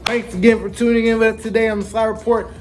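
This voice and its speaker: Animated, slangy anime recap host. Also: male voice, high-pitched, fast talker. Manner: animated storytelling with slang, acting out characters. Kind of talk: casual chapter recap commentary. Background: faint background music.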